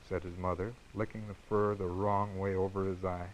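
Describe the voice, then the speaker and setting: Man gently reading a children's storybook aloud. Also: low-pitched, level tone, a little fast, hardly any pauses, muffled recording, slight background noise. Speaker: children's television host.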